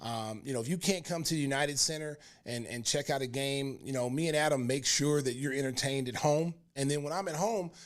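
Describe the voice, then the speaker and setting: A man in his fifties from Oklahoma, hosting a podcast and telling a story in a rambling, animated way, full of fillers and restarts. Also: medium pitch, a little fast, few pauses. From Oklahoma, United States. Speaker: podcast host. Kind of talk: casual storytelling.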